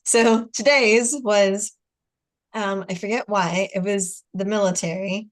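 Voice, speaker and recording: A woman's voice: mid-range voice, steady tone, slow. An American woman in her forties hosting a casual video call chat, telling stories with frequent laughter and acted-out dialogue. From United States. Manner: chatty storyteller, laughs often, acts out dialogue. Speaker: host.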